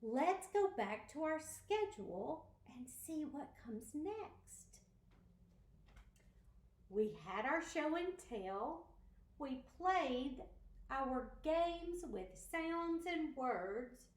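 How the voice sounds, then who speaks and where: A woman teaching pre-K children, speaking slowly and encouragingly as she sounds out words. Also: high voice, very animated, roomy sound. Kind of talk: slow, expressive lesson for young children.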